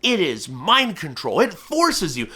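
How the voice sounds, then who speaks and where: A man's voice: a little high, measured pace, breathy edge. A man teaching how to train a falcon to hop to the fist, talking to camera with emphatic energy. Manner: energetic, emphatic, acts out bird and viewer voices. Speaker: falconry instructor. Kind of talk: instructional talk to camera.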